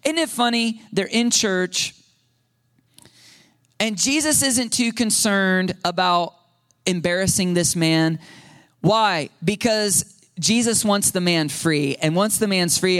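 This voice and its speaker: A man preaching a sermon to a congregation, animated and questioning, often asking the listeners and adding right and okay. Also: sits high, unhurried. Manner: animated, rising to shouts when quoting demons. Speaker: pastor.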